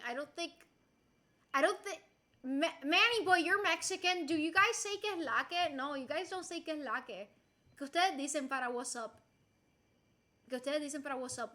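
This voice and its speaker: A woman's voice: high voice, pushed and bright. A young woman from Rico, chatting casually with her stream chat in a playful, giggly way and swearing now and then. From Puerto Rico.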